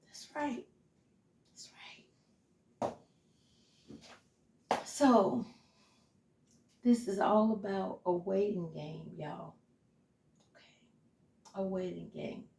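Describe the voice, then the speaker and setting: A woman's voice: mid-range voice, very slow, vocal fry, long pauses, warm tone, echoey room, slight background noise. A middle-aged woman chatting casually with viewers while she cooks in her home kitchen, calling them "y'all". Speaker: home cooking vlogger. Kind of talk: casual chat while cooking.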